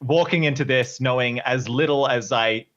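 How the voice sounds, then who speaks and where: A man's voice: mid-range voice, normal speed, a bit bright, lo-fi sound. An Australian man talks as a podcast guest, his Australian accent plain. He stops and restarts often and breaks into easy laughter. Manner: hesitant, laughs easily. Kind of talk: casual podcast chat.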